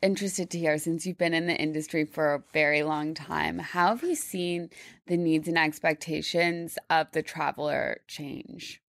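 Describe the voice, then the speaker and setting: Woman cohost, curious interviewer, fry in her voice, dead dry room. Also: low-pitched, fairly even intonation, moderate pace, no room sound. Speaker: podcast co-host. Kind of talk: interview questions in casual chat.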